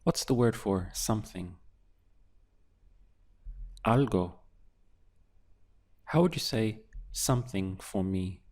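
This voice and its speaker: A man teaching a language lesson, prompting a phrase and then answering it slowly, word by word. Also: lowish voice, expressive, darkish tone. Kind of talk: slow drill-style language lesson.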